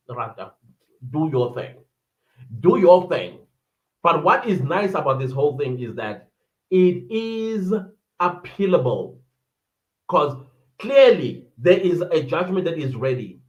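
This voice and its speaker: A man's voice: high voice, muffled recording. A South African man doing casual live-stream commentary, chatting and reading viewer comments aloud as he reacts.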